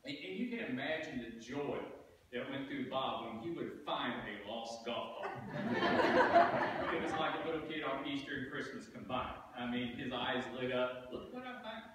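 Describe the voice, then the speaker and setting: A man's voice: medium pitch, big pitch swings, unhurried, crowd noise. A man giving a eulogy, telling a folksy golf story with chuckles. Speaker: eulogy speaker. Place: church sanctuary. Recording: echoey room from a distant mic.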